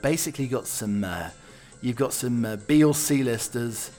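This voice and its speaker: A man's voice: mid-range voice, normal speed, warm tone, faint music behind. A man hosting a podcast, riffing jokingly with lots of fillers and restarts. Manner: rambling, jokey, filler-heavy. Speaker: podcast host. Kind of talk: casual solo commentary.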